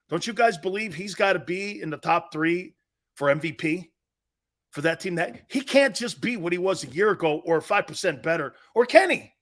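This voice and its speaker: A man hosts a live sports talk show in a brash, trash-talking way, often breaking into laughter. His voice sits high for a man and has a bright, forceful edge. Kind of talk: live sports radio show reading listener chat.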